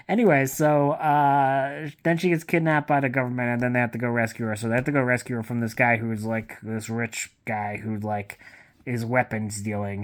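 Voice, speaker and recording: A casual book vlogger talking through a recent read in a rambling, chatty way, full of fillers and casual swearing, rising in pitch when amused or incredulous. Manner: gets louder and higher when amused or incredulous. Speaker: book reviewer. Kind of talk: casual book review vlog.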